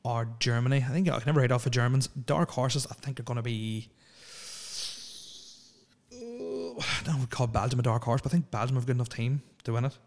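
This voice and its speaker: A man's voice: medium pitch, animated, a little fast. A young man chatting alone into the mic for his podcast, his voice sitting mid-range. He rambles loosely, swears often and keeps slipping into jokes and asides. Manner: rambling, profane and jokey. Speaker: podcast host. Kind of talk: casual solo podcast chat.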